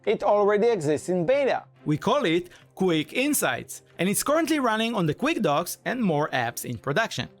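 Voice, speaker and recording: A man giving a scripted conference talk in an enthusiastic, playful, pitching manner, bantering with a co-presenter. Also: sing-song, normal speed, faint music behind. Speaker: conference speaker and framework core team member.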